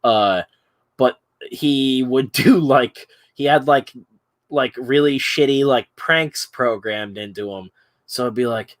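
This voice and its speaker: A man's voice: mid-range voice, slow. A man hosting a stream, telling a crude story in casual chat and laughing often. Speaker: stream host.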